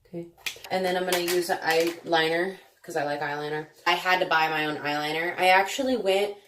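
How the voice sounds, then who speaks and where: A woman's voice: on the low side, fairly even intonation, a little fast, background noise. A woman beauty vlogger chatting casually through a makeup tutorial, self-deprecating, with sudden exclamations. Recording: echoey room.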